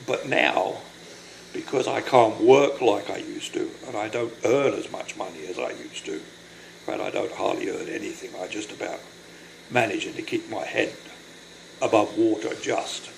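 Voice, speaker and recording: Older man, low gravelly voice, halting and apologetic, short of breath, personal video diary with faint hum behind. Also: poor audio. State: breathless from lung illness. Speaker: vlogger.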